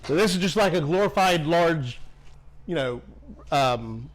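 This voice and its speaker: A pastry chef, a man with a somewhat high voice, demonstrates a recipe in a bakery kitchen. He speaks plainly and practically, giving tips one step at a time. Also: animated, a little slow, a little hiss or hum, low-quality recording. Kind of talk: cooking demonstration.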